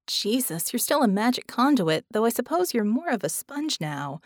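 A woman reader voicing a sharp, quick-talking young woman mage with excited questions. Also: a little high, dry recording, studio quality. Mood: musing.

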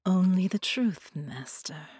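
A woman voicing an entranced young female captive who answers in a faint, breathy whisper. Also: medium pitch, drawn-out words, dark tone, dry recording, studio quality, exaggerated voice.

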